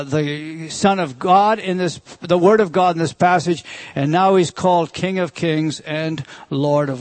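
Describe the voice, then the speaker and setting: A man preaching a verse-by-verse sermon in a conversational, emphatic way, with rhetorical questions and slow, deliberate scripture reading. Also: high-pitched, no room sound. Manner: reads scripture slowly and deliberately.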